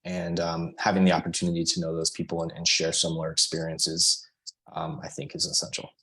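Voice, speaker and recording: Deep-voiced earnest man, halting. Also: monotone, fairly bright tone. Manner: earnest, halting, many fillers. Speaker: podcast guest. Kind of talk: casual conversation.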